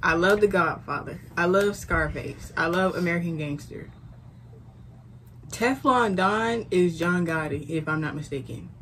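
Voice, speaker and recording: A woman's voice: on the low side, a little slow, a bit bright, slight background noise. A woman co-hosting a reaction video, chatting casually and explaining song lyrics with lots of "like". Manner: explains lyrics with many likes, laughs easily. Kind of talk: casual chat.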